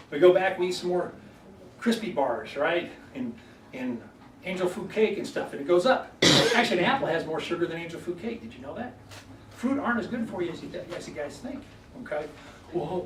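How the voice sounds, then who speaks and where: This chiropractor's voice sits high and sounds expressive at a normal pace as he gives a folksy health workshop to a live crowd, frequently checking in with "okay?". He's recorded from far away in an echoey room with a little background noise.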